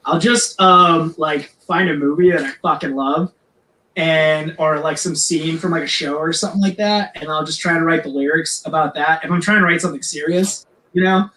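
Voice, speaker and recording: A man's voice: on the high side, fairly even intonation, moderate pace, bright, forceful tone. A man, a metal singer and podcast guest, telling a rambling, profane story in casual chat. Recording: echoey room.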